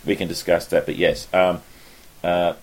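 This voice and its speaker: An Australian man with a fairly low voice hosts a relaxed chat. He rambles, trips over his words and corrects himself, chuckling along the way. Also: moderate pace. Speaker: podcast host. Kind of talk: casual chat.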